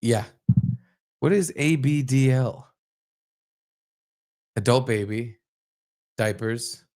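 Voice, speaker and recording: Male podcast co-host, mid-pitch, crude joking banter while reacting to clips. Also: slow pace, a little mellow. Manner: profane, joking, reacting to videos. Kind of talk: casual comedic banter.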